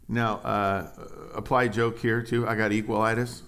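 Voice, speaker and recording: A middle-aged man preaching a sermon, animated and joking, who reads scripture aloud with rising emphasis. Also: lowish voice, moderate pace, hardly any pauses. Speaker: pastor.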